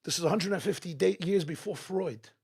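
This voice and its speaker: This guest speaker at a live religious gathering has a high, slightly fast voice with vocal fry, a little mellow and slightly rough. In an event hall before an audience, he delivers a dramatic, inspirational talk packed with repeated rhetorical questions.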